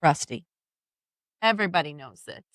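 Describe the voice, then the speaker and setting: A woman hosts a relaxed podcast conversation. She laughs easily and tells her stories with animated energy. The sound is dry and close, with no room echo. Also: low-pitched, moderate pace. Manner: giggly, animated storyteller. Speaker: podcast host. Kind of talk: casual chat.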